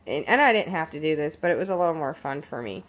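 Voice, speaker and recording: A woman's voice: deep voice, expressive, fast. A woman chatting casually through her craft project, rambling with fillers and restarts, sounding a little sleepy and recorded on a phone at home. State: sleepy, yawning. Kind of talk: casual show-and-tell walkthrough. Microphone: phone camera.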